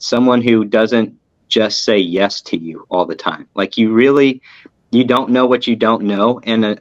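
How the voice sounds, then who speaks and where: A man, a business co-founder, giving measured, reflective advice in a casual interview. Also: lowish voice, no echo, highs cut off.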